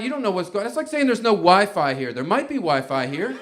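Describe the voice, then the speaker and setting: A man's voice: on the high side, very animated, fast talker, few pauses, slight background noise. A man doing a stand-up comedy set, rambling and chuckling with many fillers.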